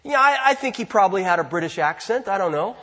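A man preaching a sermon as pastor, earnest, slowing down to stress key phrases. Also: high voice, animated, fairly bright tone, a faint crowd, slight background noise.

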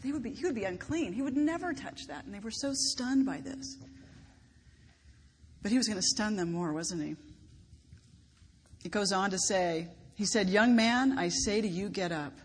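A woman pastor preaching a sermon, expressive and emphatic, lifting her voice on key words. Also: mid-range voice, moderate pace, long pauses. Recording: long reverb of a large hall, faint background noise.

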